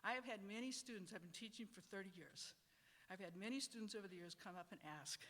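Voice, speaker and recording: A middle-aged law professor from Wisconsin giving prepared panel remarks in a wry, measured, reflective way. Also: medium pitch, a bit bright, in a large hall.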